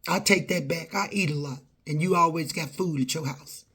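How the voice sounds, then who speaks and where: A woman's voice: low-pitched, normal speed, fairly bright tone, slightly rough. A middle-aged woman talks straight to camera. She is confrontational and emphatic. She hammers her points with repeated phrases. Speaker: vlogger. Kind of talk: direct-to-camera rant.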